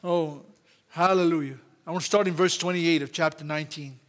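Fervent Louisiana pastor, high voice. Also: male voice, steady tone, brisk. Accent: Louisiana Southern. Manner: fervent, exclaiming "praise God" and "hallelujah" often. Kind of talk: Pentecostal-style sermon. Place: church sanctuary.

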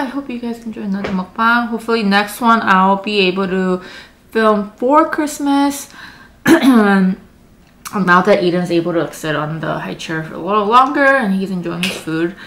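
A young woman talks casually to her camera while she eats at home, her speech full of "like" fillers. Her voice sits in an ordinary middle pitch. A faint background hum runs under her talk. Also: a bit bright. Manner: chatty, lots of "like" fillers. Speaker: vlogger.

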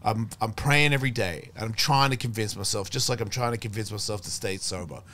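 A man's voice: fairly low pitch, brisk, pushed and bright. A middle-aged man telling a long story as a podcast guest, swearing freely and acting out what others said. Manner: profane, rambling, acts out quoted voices. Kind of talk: casual storytelling chat.

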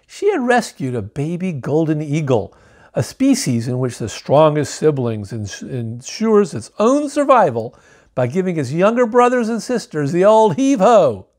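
Male picture-book reader, animated and wry, slightly high voice. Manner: wry, joking asides. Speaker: storybook reader. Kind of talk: reading a picture book aloud.

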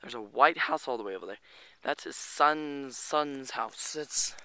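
A man's voice: medium pitch, unhurried, bright, forceful tone, no echo. A man vlogging outdoors in rural hills by a creek, filming with a handheld camera, rambling and swearing casually, a little out of breath. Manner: rambling, swears a lot, chatty asides. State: slightly out of breath. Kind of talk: casual walking vlog.

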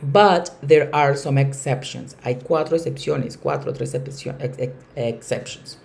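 A woman teacher explaining grammar emphatically, often repeating key words and slowing down on examples. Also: very deep voice, gravelly, darkish tone. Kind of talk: bilingual classroom explanation.

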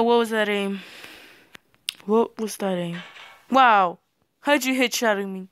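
A high-pitched teenage boy hosting his own gaming video, talking slowly and loosely between bursts of excited yelling. His voice cracks whenever he shouts at the game. When he signs off, he trails into plenty of ums. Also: smooth. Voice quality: voice cracks on loud yells. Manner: excitable, yelps and shouts at the game, hesitant fillers in the outro. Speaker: gaming channel host. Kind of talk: gameplay commentary.

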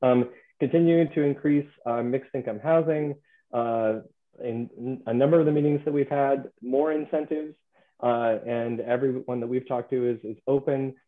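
A man presenting findings at a video-call meeting, halting, with many fillers and restarts. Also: medium pitch, steady tone. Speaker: planning consultant presenting findings. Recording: tinny phone-like line.

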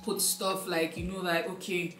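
A woman's voice: fairly low pitch, little pitch movement, moderate pace, a bit bright, reverberant, faint music behind. A young woman giving an emotional sit-down life update, rambling with many fillers and close to tears. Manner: rambling, filler-heavy, heartfelt. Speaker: lifestyle vlogger.

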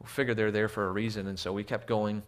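A man's voice: lowish voice, flat delivery, fast talker. A man preaching a sermon in a church with slides. He often repeats words as he restarts and asks the audience rhetorical questions. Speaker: missionary preacher.

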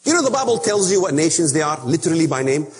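Man, preaching a Bible lesson, emphatic rhetorical questions, high voice, echoing hall. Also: big pitch swings, fast talker, a little hiss or hum. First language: Arabic. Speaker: speaker on biblical prophecy. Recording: long reverb of a hall.

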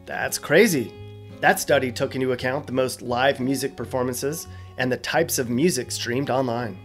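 Man, explainer host, casual, wry jokes, mid-pitched voice. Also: normal speed, faint music behind. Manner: casual, joking, wry asides. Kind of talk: scripted explainer narration.

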